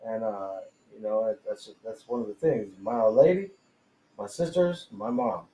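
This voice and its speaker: A man's voice: fairly low pitch, unhurried, warm tone. Slangy laughing man telling a story. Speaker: tattoo artist telling a personal story. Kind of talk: casual storytelling chat. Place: tattoo studio during a live podcast. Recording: roomy echo, faint ambience.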